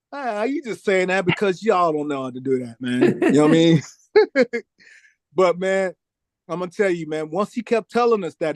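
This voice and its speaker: A man's voice: high voice, dry recording, studio quality. A man telling a long story in a casual interview, acting out the voices of the people in it and saying "man" often. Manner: animated storyteller, acts out quoted voices, says "man" a lot. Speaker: record producer guest.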